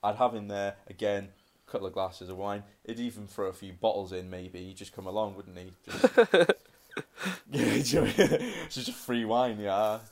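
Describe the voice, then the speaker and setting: A man's voice: fairly low pitch, a little slow. Bantering young man. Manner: laughing, bantering, slangy. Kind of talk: casual chat.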